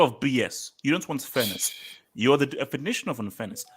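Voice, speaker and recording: A man's voice: mid-range voice, animated, brisk, breathy edge. A British man hosting a live football talk stream, reading chat messages and arguing his points emphatically, often repeating lines for effect.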